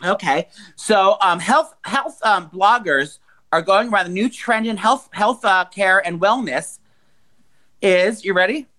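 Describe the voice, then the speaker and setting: A man's voice: high voice, unhurried, pushed and bright. A man in his forties co-hosting a podcast, telling crude stories in casual, profane, rambling chat. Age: 40s. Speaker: podcast co-host.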